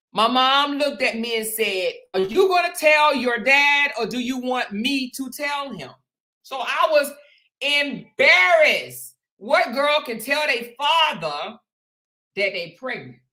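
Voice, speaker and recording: A woman host telling a personal story to her viewers, animated and chatty, calling them "y'all" and "honey". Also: medium pitch. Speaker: show host.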